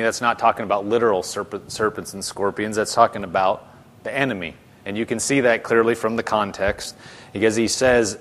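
A man's voice: on the low side, steady tone, a little fast, a bit bright. A man giving a conversational sermon, retelling a story with restarts and asides to his congregation. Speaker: preacher. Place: church meeting with a live congregation.

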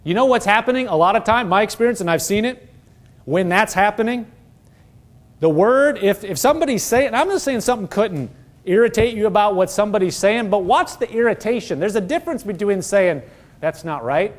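A man with a notably high-pitched voice delivers a conversational Bible teaching. He is earnest and keeps pressing listeners with rhetorical questions. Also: lively intonation, a little fast. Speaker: preacher.

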